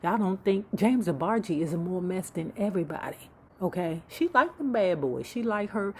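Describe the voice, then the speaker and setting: A woman's voice: lowish voice, expressive, normal speed, a little hiss or hum. A woman host telling celebrity gossip in a casual, sassy, profane way, with mocking asides. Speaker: YouTube book club host.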